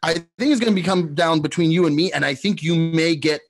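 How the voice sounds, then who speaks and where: A young man with a slightly high voice, co-hosting a loose, joking podcast. He tells stories with animated energy and acts out what people said along the way. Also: fast. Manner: animated storyteller, acts out quotes. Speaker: co-host. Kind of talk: casual podcast banter.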